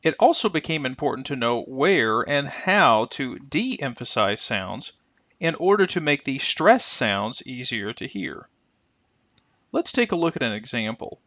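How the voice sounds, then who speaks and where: Lively-voiced man teaching pronunciation. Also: medium pitch, dry recording. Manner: careful, deliberate, stretches example sounds. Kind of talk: scripted instructional narration.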